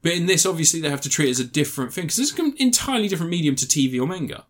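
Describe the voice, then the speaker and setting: A man's voice: a little high, lively intonation, racing. A young man chatting casually about a film he watched, rambling and sweary, often laughing and restarting his sentences. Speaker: film reviewer. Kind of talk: casual chat.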